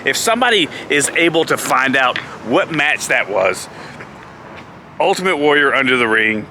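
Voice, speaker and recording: A man's voice: medium pitch, very animated, moderate pace, pushed and bright, a little hiss or hum. A man in a casual vlog telling a funny road story, laughing often as he talks.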